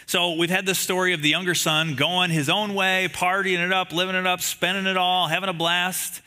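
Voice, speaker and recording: Bright-voiced male pastor preaching conversationally. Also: sits high, normal speed. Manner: conversational preaching with frequent rhetorical questions; animated storytelling, acting out quotes from the story. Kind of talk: sermon.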